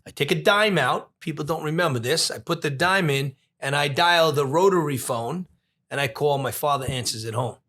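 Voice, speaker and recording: A man, a police commissioner telling a story as a podcast guest, animated and full of restarts. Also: fairly high pitch, normal speed. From Long Island, New York. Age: 60s. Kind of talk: storytelling in an interview.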